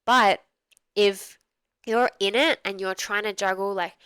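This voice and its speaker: Smooth-voiced woman coaching dog owners. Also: medium pitch, steady tone, a little slow, fairly bright tone, no room sound, poor audio. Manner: conversational, explains with acted examples. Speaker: dog trainer. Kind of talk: video review commentary.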